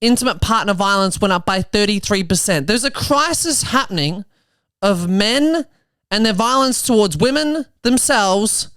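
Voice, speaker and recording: A young Australian man in his twenties hosts his own podcast in a comedic monologue. His voice is smooth and resonant. It is recorded dry and close, with little room sound. He talks in a quick, chatty way, full of asides. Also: sits high, lively intonation, a bit bright, no echo. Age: 20s. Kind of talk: comedic monologue turning to social commentary.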